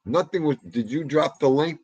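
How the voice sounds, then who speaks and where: A man's voice: a little high, moderate pace, darkish tone, breathy edge, highs cut off. A man hosting a casual livestream podcast, rambling and joking with crude, profane banter.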